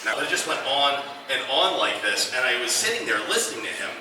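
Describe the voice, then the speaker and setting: A man's voice: mid-range voice, fairly quick. Male stand-up, dry ironic delivery, mid voice, heard from a distance in a very echoey club with audience noise. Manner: deadpan, ironic storytelling with quoted asides. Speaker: stand-up comedian. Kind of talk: stand-up routine. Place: comedy club stage before a live audience.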